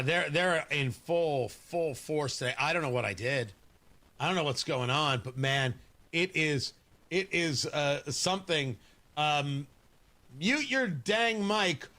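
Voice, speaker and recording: A man's voice: on the high side, pushed and bright. A man hosting a morning radio show, joking and rambling in a casual way. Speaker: radio host.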